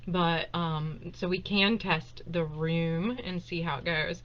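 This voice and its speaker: A woman with a drawl talks to her viewers in an easygoing, emotional way, with many fillers and ums. Her voice is bright and ringing. The webcam audio sounds a bit dull. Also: on the low side, steady tone, takes it slowly. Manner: chatty and emotional, laughs often, with many fillers. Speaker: host of a live Q&A stream. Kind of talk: casual livestream chat. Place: at home, indoors. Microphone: webcam on a desktop.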